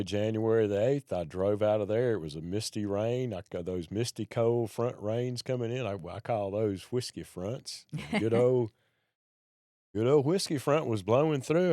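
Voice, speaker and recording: A man's voice: lowish voice, warm tone, no room sound, clean studio sound. A man, a podcast guest telling a personal story in a folksy, plain-spoken way.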